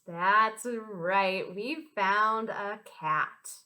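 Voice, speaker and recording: A young American woman, a children's librarian, leading a storytime for small children in an animated, sing-song and encouraging way. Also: medium pitch, slow.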